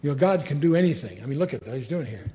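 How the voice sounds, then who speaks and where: Speaking very fast in a mid-range voice, an older man leads a relaxed Bible teaching. Verses build in intensity as he reads them out, after which he muses aloud, dropping in fillers and side remarks.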